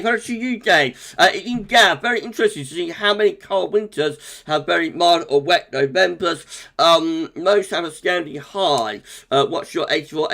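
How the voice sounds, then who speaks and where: A man with a notably high voice hosts a casual weather livestream. He talks into a desk mic in a chatty, upbeat way, greeting viewers by name in quick bursts. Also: bright, forceful tone. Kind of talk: casual live-stream chat, reading out viewer comments.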